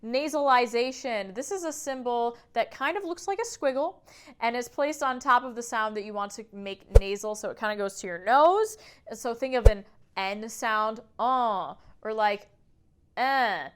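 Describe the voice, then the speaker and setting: Woman vocal coach, video lesson; upbeat, demonstrates sounds, smooth clear tone. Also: a little high, animated, normal speed. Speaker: singing teacher.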